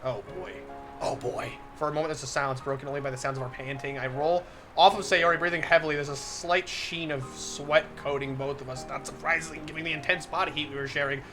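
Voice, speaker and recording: A man's voice: on the high side, steady tone, fast, over music. A man on a live stream reading a visual novel aloud, getting flustered, laughing often and breaking off to comment to his chat.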